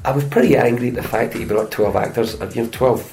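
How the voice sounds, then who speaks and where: Gravelly Scottish man telling stories. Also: medium pitch, quick pace, soft background music, low-quality recording. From Scotland. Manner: chatty, lively anecdotes with put-on voices. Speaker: actor and stuntman guest. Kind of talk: casual interview storytelling.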